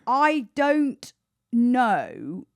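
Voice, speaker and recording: A woman's voice: fairly high pitch, wildly swooping pitch, extremely slow, vocal fry, darkish tone. A woman co-presenting a podcast, bantering in a blunt, playful way. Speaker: podcast correspondent. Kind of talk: casual podcast chat.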